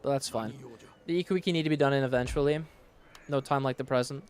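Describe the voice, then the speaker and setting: A man's voice: mid-range voice, fast. Man thinking aloud over gameplay. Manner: thinking aloud, relaxed and matter-of-fact. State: sleepy, yawning. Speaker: streamer. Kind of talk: casual gameplay commentary. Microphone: studio dynamic mic.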